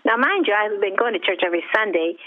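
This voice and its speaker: A woman guest telling her personal testimony with deep feeling, at times close to tears, quoting her own past thoughts. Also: animated, quick pace. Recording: tinny phone-like line.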